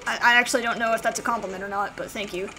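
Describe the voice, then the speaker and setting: A woman's voice: mid-range voice, fairly even intonation, racing, over music. Laid-back young woman playing a game. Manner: laid-back, mildly self-deprecating. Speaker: let's play host. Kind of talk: casual game commentary.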